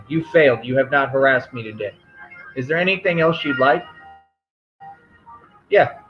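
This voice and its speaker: A man's voice: medium pitch, lo-fi sound. A man hosting a live stream who addresses his chat in a confrontational, firm and repetitive way, lecturing them. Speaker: livestream host.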